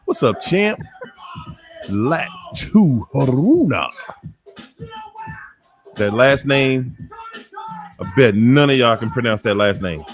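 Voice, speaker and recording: A man hosting a casual livestream, greeting chat viewers by name in an animated way, drawing out names and laughing often. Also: medium pitch, slow pace, pauses often, faint music behind. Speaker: livestream host.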